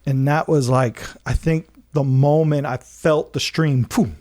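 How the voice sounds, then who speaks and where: A man's voice: a little high, fairly even intonation, measured pace, a little mellow. A man on a podcast telling a personal story in a casual way, acting out the people he quotes and laughing often.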